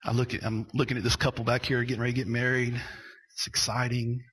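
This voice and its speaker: A man preaching a sermon, going from quiet storytelling to loud, shouted preaching. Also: mid-range voice, flat delivery, fast, breathy edge, rough recording. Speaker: pastor.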